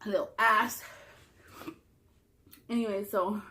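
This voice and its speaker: A young woman with a Southern California accent telling a story casually in a vlog, swearing a lot and acting out quotes in a higher voice. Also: fairly even intonation, takes it slowly, bright, forceful tone. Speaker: vlogger. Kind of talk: casual storytelling while eating.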